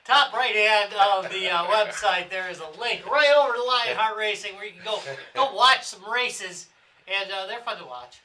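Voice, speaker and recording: A man's voice: high-pitched, moderate pace. A man co-hosting a podcast, joking dryly in casual chat. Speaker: podcast co-host. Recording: distant mic with crowd chatter.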